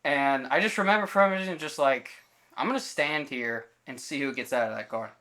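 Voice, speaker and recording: A podcast co-host tells a story in casual conversation, performing everyone's quoted lines himself, with loose fillers and self-corrections. His medium-pitched voice is bright and forceful, at a moderate pace.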